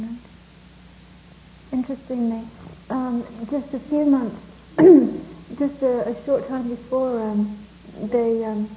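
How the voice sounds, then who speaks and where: A woman teacher giving a spiritual talk to a live audience, telling stories in a soft, reflective and hesitant way. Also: a little high, a little hiss or hum. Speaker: meditation teacher. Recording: echoey, muffled room recording with faint ambience.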